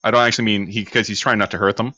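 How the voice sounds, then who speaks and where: Low-voiced man at a tabletop game. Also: steady tone, rapid-fire, pushed and bright, dry recording. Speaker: player.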